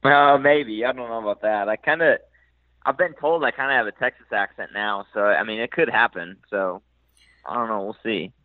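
A man in his thirties from Minnesota with a faint Minnesota accent, talking casually in an interview, relaxed and hesitant with many fillers. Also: medium pitch, moderate pace, no room sound. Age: 30s. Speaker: motocross racer. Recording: dry, tinny phone-like line.

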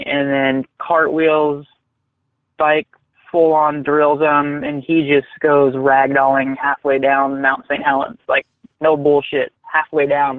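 Guy rambling thru a wild story, kinda high voice, sounds like a phone line. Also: no echo. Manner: rambling, animated, swears freely. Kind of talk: casual storytelling. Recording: tinny phone-like line, dry.

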